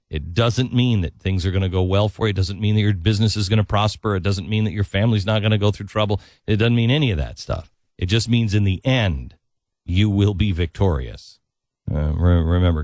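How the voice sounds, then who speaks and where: A man hosting a talk radio show, talking in an earnest, preachy way with animated stories. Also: sits low, dry recording, clean studio sound. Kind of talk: casual talk radio chat.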